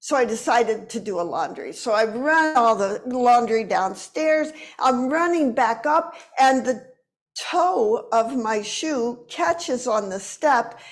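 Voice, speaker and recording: A woman in her seventies tells a personal story at an unhurried, deliberate pace. Her voice sits a little high, and her delivery is expressive. She speaks as a movement teacher. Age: 70s.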